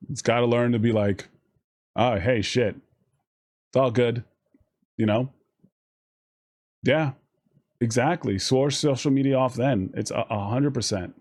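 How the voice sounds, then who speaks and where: A man streaming live, giving casual, profane, rambling life advice to his chat and slipping into quick mock voices. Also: mid-range voice, a little mellow.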